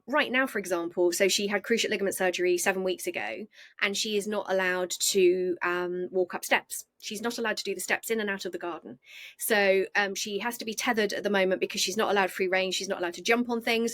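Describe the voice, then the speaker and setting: A middle-aged woman, telling stories in an animated, chatty way with easy laughs as a podcast guest. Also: mid-range voice, no room sound, studio quality. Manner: chatty, animated, acts out voices, laughs easily. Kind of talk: conversational storytelling.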